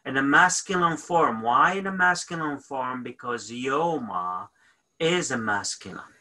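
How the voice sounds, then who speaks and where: A man teaching a grammar lesson, explaining step by step with frequent pauses, fillers and self-corrections, often checking in with "okay?". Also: mid-range voice, animated, pushed and bright, low-quality recording. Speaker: language teacher. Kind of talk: recorded online grammar lesson.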